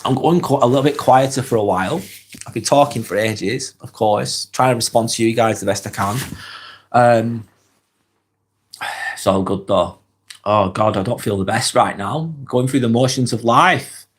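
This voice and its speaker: A man with a Lancashire accent, hosting a casual live stream while he has a head cold, talking in a relaxed, earnest way and reading viewers' comments aloud. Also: medium pitch, normal speed. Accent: Lancashire English. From Lancashire, England. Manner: relaxed, earnest, rambling with fillers and sighs.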